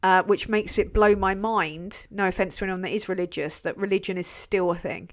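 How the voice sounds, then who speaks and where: A woman's voice: medium pitch, fairly even intonation, a little fast. A young English woman chats loosely on her livestream. She drifts from topic to topic, swears without a second thought and laughs easily while she answers her viewers. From England. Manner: swears freely, rambling, laughs often. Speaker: channel host reading live chat. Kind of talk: casual livestream chat.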